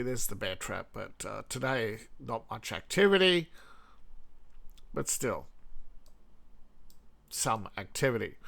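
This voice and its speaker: Slow, rambling Australian man. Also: mid-range voice, gravelly, pushed and bright. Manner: rambling, sarcastic, chuckles at his own jokes. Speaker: host. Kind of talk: casual news commentary vlog.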